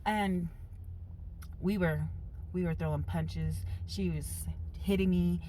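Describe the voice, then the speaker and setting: A woman vlogger telling a personal story in a casual, animated and emphatic way. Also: lowish voice, takes it slowly, slight background noise.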